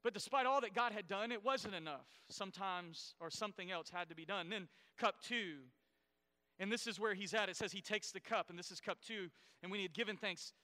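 A man's voice: high-pitched, a little fast, pushed and bright, big-room sound. A man preaching a sermon, explaining scripture and asking his congregation questions. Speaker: pastor.

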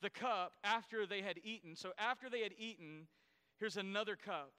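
A man's voice: sits high, moderate pace, bright, forceful tone, clear, resonant tone, long reverb tail. A man preaching a sermon, explaining scripture and asking his congregation questions. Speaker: pastor.

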